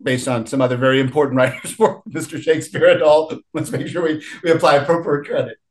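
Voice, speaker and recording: A man's voice: a little high, fairly even intonation, fast. A middle-aged man, a film writer and director, talking in a casual interview with frequent laughs and restarted sentences.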